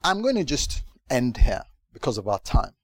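A man preaching a sermon to a gathering, animated, moving from hushed tones to loud emphatic questions. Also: medium pitch, normal speed, no echo. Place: church gathering.

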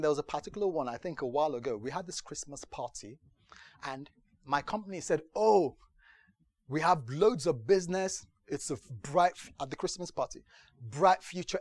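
A man's voice: on the high side, dry recording. A man preaching as pastor, telling stories from his own life in a sermon and often asking whether listeners follow him. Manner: storytelling, repeats "do you understand". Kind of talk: sermon testimony.

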